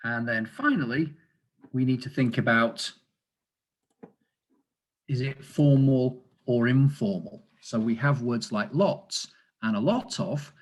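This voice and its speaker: A teacher trainer explains grammar in an online lesson over a video call, with frequent fillers and asides about the chat. His mid-range voice is slow, with long pauses.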